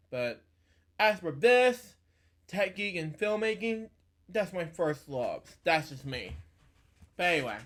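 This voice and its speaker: A man's voice: high-pitched, a bit bright. A man hosting a casual book review, reading aloud and commenting in a rambling way with fillers and self-corrections.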